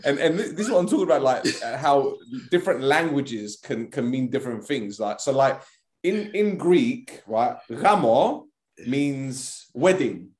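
A man's voice: medium pitch, unhurried, echoey room. A man co-hosting a casual football podcast, joking and telling stories. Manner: joking, animated storyteller who slips into mock voices. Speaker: podcast co-host.

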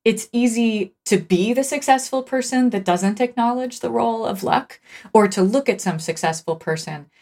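A woman's voice: a little high, normal speed, darkish tone. A woman guesting on a talk show as an author, telling stories in a thoughtful, earnest way. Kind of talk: casual conversation.

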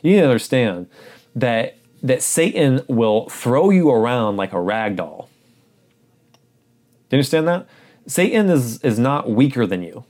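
A man's voice: mid-range voice, sing-song, a little slow, long pauses, a little mellow. A man preaching a sermon, earnest and urgent, repeating phrases for emphasis.

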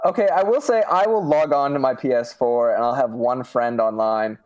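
A man appearing as a podcast guest, talking in a deadpan, reluctant way in casual chat. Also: medium pitch, normal speed.

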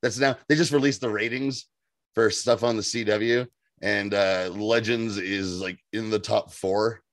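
A man's voice: on the low side, no echo, studio quality. A man co-hosting a podcast, recapping a TV episode in casual, profane, laughing chat. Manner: animated, profane, laughing, slips into quick voiced impressions. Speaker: podcast co-host.

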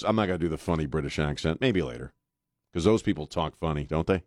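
A man's voice: sits low, brisk, darkish tone, no room sound. A man hosting a talk radio show, speaking bluntly and sarcastically with frequent hesitant fillers, in a studio at a microphone. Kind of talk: opinionated talk radio monologue.

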